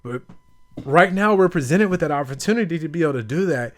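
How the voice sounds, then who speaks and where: A man's voice: fairly high pitch, lively intonation, fast talker. A young man hosting a podcast, talking casually and rambling with lots of fillers. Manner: rambling, filler-heavy storytelling. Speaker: podcast host. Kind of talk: casual chat.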